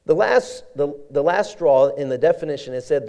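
A man preaching a sermon in an animated, conversational way, often repeating words as he goes. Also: mid-range voice, fairly quick, hardly any pauses, clean tone.

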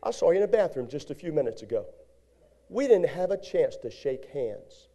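A man pastor preaching a lively sermon, acting out little scenes and rising to shouts at his peaks. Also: fairly high pitch, normal speed.

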